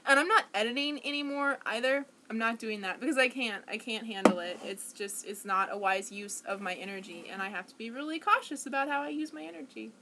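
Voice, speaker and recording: Young woman, casual home vlog, rambling, restarts, higher pitch, faint background noise. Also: fairly quick, hardly any pauses. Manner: rambling, self-conscious, frequent likes and restarts. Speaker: vlogger. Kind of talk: casual monologue to camera.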